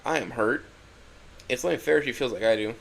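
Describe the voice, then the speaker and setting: A man's voice: medium pitch, fairly quick, gravelly. A man narrating a first-person dramatic story, emotional and swinging from hurt to angry outbursts.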